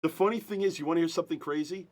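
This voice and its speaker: A man hosting a live-streamed card break, excitable and talking over the others, repeating himself. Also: on the high side, racing.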